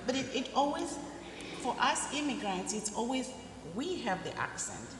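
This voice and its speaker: An upbeat woman answers on a community panel as an immigrant and laughs often as she talks. She speaks in a church hall, and her voice rings out with a long echo. Clear background noise runs underneath. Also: on the high side, very animated, moderate pace.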